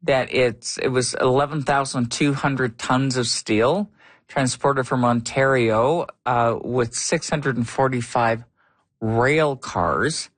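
A radio host chatting on a call-in show, curious and quick to laugh, reading emails and taking calls. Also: mid-range voice, no echo.

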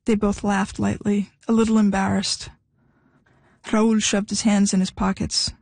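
A woman reads literary fiction aloud in a measured, even manner. Her voice is mid-pitched, and the recording is dry and close with no room sound. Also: creaky, no echo. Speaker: story reader. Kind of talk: literary reading.

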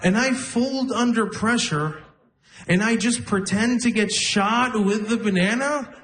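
A young man doing a stand-up set, telling wry, self-deprecating stories and slipping into quick character voices. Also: high voice, a bit bright. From Arab region. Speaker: stand-up comedian. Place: comedy stage with a laughing audience.

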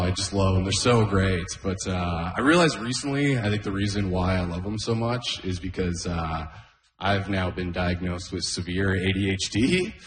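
Man, thirties, stand-up comedian, deadpan, self-deprecating, lowish voice, echoey club room. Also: noisy background. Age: 30s. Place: open mic stage in a room. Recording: echoey room with long reverb.

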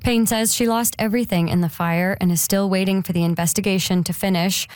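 A woman news anchor reading a regional radio newscast in a steady, measured way. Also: medium pitch, no echo. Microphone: studio microphone.

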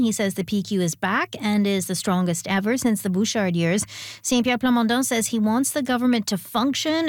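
A woman reading a radio news bulletin and weather forecast in a measured, crisp way. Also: a little high, no echo. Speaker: newsreader. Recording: dry studio sound.

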